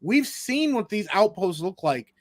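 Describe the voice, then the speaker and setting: A man's voice: high-pitched, very animated, unhurried, no echo, studio quality. A man co-hosting a livestream, talking in a blunt, rambling, sweary way. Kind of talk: casual livestream chat.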